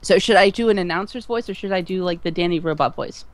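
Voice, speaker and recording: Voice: medium pitch, fast talker. Stream co-host reading comments, rambling, restarts sentences a lot, casual chat.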